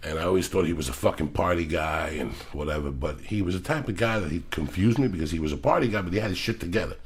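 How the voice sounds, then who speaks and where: A middle-aged man with a gravelly, somewhat low voice hosts a casual podcast. He tells stories in a profane, animated rush and swears constantly. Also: fast talker. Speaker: podcast host.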